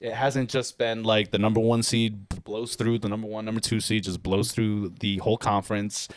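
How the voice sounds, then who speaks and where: A man's voice: on the low side, level tone, moderate pace, no echo. A man co-hosting a casual sports podcast, joking around in goofy, playful riffs. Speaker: podcast co-host.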